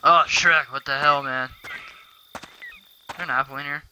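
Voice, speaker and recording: A man's voice: medium pitch, flat delivery, normal speed, bright, forceful tone, a little hiss or hum, low-quality recording. Jumpy, foul-mouthed man playing a game. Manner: jumpy, profane, talks back to the game. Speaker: gaming YouTuber. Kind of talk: let's-play commentary.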